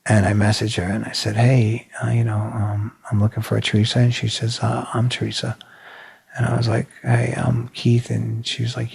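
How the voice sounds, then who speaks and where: Gravelly, husky man telling his story. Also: on the low side, darkish tone. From New England. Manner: blunt, swears freely, emotional retelling. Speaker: podcast guest. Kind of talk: candid conversational storytelling.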